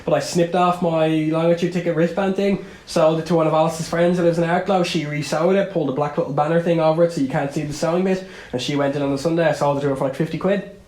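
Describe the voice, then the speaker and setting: A man's voice: fairly high pitch, quick pace, echoey room. A young man co-hosting a podcast, telling a story in casual chat and acting out what others said. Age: young adult. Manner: animated storyteller, acts out quotes. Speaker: podcast co-host.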